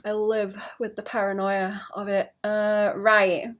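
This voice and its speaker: A young woman streaming her illustration work, chatting casually and thinking out loud with a self-conscious, rambling manner and some vocal fry. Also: medium pitch, completely flat delivery, slow. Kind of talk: casual livestream chat while drawing.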